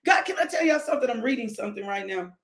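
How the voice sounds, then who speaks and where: A woman hosting a devotional podcast, preaching fervently with shouted exclamations and joyful whoops, pausing to sip her coffee. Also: on the high side, animated. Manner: sips coffee while talking.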